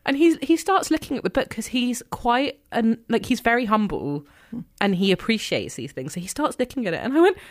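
Excitable young woman telling a story. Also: a little high, brisk. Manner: excitable, laughs often, acts out her own quotes. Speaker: guest telling a fan story. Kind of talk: animated storytelling in a chat.

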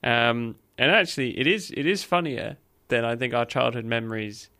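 A man with a gravelly, bright-toned voice co-hosting a podcast. He talks casually and laughs often, with fillers and restarts between his points. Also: mid-range voice, animated, moderate pace. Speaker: podcast co-host. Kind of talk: casual chat.

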